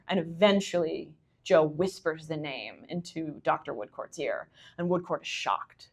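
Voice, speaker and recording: A woman's voice: fairly low pitch, normal speed. Chatty woman answering audience questions. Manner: chatty, many fillers and asides, enthusiastic. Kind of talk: conversational lecture Q&A. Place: meeting room with audience.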